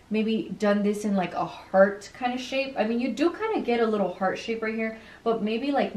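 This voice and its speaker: A woman's voice: mid-range voice, darkish tone, roomy sound. A young woman vlogger chatting casually through a haul video, bubbly and slangy, swearing freely.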